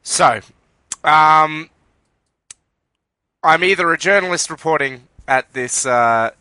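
A man's voice: a little high, takes it slowly, bright, forceful tone, clean tone, no echo. An Australian man co-hosting a casual podcast, wry and jokey, thinking aloud with ums. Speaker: podcast co-host. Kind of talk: casual chat.

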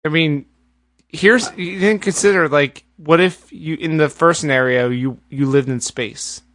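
A man's voice: a little high, unhurried, a bit bright. A man hosting a podcast, reading out silly questions and groaning at his co-hosts' jokes. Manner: teasing, exasperated groaning at jokes. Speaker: podcast host. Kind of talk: casual comedic chat, reading out questions.

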